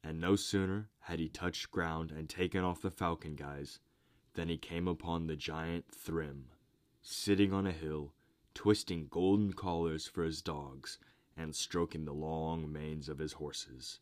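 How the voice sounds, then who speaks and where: A man narrating a myth in a measured, deliberate storybook reading. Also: a bass voice, fairly even intonation.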